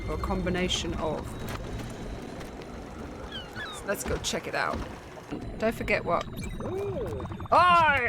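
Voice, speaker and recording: A woman's voice: fairly low pitch, sing-song, takes it slowly, pauses often, background noise. A woman chatting over her gameplay with sarcastic asides. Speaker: gaming streamer. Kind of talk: let's play commentary.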